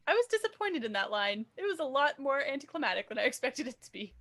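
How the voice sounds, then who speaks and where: A young woman with a fairly high voice co-hosts a casual podcast about a film. She reads out trivia with plenty of ums and makes wry asides. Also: sing-song, fast talker, a bit bright. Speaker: podcast co-host.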